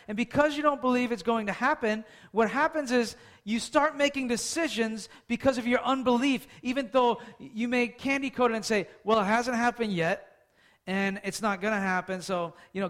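A male preacher with a notably high voice. He preaches conversationally, asking his listeners questions as he goes. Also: a bit bright. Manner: conversational, asks the audience questions. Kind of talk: sermon.

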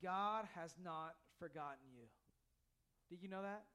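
Man, pastor, high voice, smooth and resonant, earnest repetitive sermon. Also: unhurried, pushed and bright. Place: church.

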